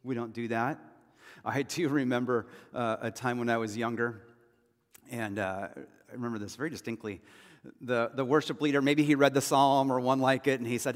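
A man's voice: mid-range voice, fairly quick. A man preaching a sermon as pastor, talking in a loose, conversational storytelling way with asides and repeated phrases. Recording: long hall reverb.

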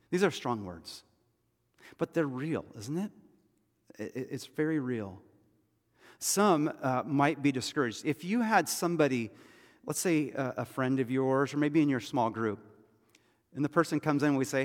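A man preaching a sermon as pastor, talking in a conversational way and often dropping to a hushed, intense tone. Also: mid-range voice, expressive, normal speed, long pauses. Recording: church hall reverb.

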